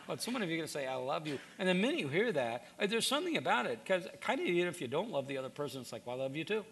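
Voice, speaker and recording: A man's voice: on the high side, big pitch swings, racing, hardly any pauses, fairly bright tone, slight background noise. A man preaching a sermon, earnest and direct, often repeating words as he starts a sentence. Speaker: pastor.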